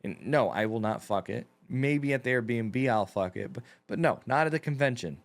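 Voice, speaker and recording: A man's voice: mid-range voice, moderate pace, creaky. A man on a podcast, bantering and cracking crude jokes in casual chat. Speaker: podcast guest.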